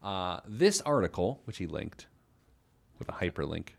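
A man's voice: low-pitched, very animated, moderate pace, creaky. A man hosting a casual radio talk show about money, playful and self-mocking, laughing often. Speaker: financial radio show host.

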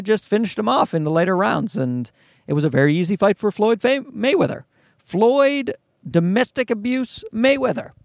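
A man's voice: fairly high pitch, no echo, clean studio sound. A man, hosting a solo comedy podcast, ranting and swearing sarcastically. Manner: profane, ranting, sarcastic, animated. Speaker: podcast host. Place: parked car.

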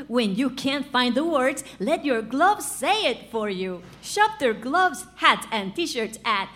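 A woman performer giving flat, deadpan lines in a voice-assistant comedy bit. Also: sits high, slow.

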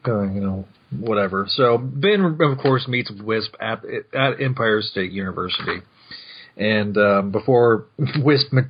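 A husky, slightly breathy man hosts a podcast, walking through a comic issue in loose, rambling chat. He corrects himself and laughs often. The audio is muffled and lo-fi. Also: mid-range voice. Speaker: podcast host. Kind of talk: casual chat recapping a comic.

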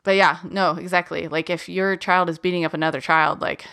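A woman's voice: on the low side, fairly even intonation, brisk, fairly bright tone. A woman hosting a podcast, casually recounting a true crime case with lots of "um" and "like". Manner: chatty, many fillers like "um" and "like". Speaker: podcast host.

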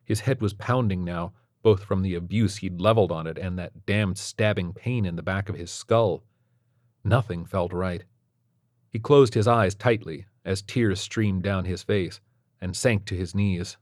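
A man narrating a story in a steady, measured way. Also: low voice, dry recording, clean studio sound. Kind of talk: scripted narration.

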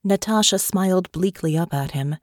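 Low-voiced woman narrating an audiobook. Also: no echo, studio quality. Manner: measured, even storytelling.

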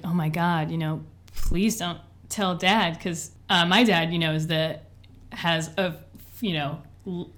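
A young woman tells a personal story in an interview. She talks candidly and chattily, with lots of "like" and "you know". Her voice sits a little low for a woman. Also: fairly bright tone. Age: 20s. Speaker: interview guest.

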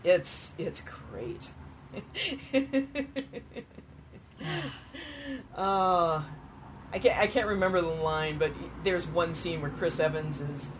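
A man's voice: a little high, very slow, long pauses, fairly bright tone, a little hiss or hum. A man co-hosting a podcast, chatting casually and enthusiastically, laughing often, and sounding worn out. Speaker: podcast co-host. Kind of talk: casual chat.

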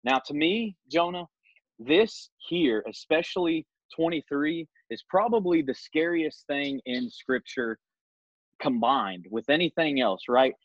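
A man's voice: a little high, animated, unhurried, no echo, muffled recording. A man hosting a podcast who leads a Bible study conversation, reading scripture aloud and making his points with earnest emphasis. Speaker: podcast host.

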